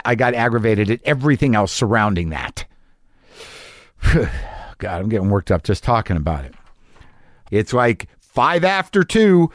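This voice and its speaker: A man's voice: on the low side, dry recording, clean studio sound. A middle-aged man hosting a podcast, telling a frustrated, self-mocking story in a profane, worked-up monologue. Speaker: podcast host.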